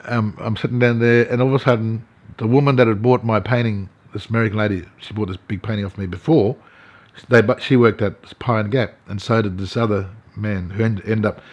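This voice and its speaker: An older Australian man, an artist and elder, telling his story in an interview, halting, with many fillers and restarts. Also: on the low side, steady tone. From Central Australia.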